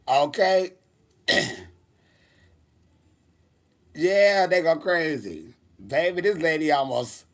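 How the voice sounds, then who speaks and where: Sassy, lively man vlogging. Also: on the high side. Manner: sassy, animated, laughs often. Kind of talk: casual storytelling vlog.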